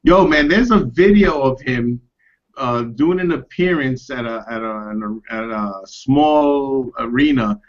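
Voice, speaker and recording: A streetwise New York man chats casually as a podcast co-host, animated and sprinkling his talk with slang. His voice sits at a middling pitch. The recording is dull and lo-fi. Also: measured pace. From Queens, New York. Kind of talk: casual chat.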